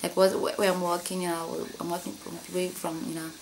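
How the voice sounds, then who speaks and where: A woman from Africa telling a personal story in a vlog, saying "you know" constantly and jumping high in pitch when she quotes others. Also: flat delivery, brisk, noisy background. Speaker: vlogger.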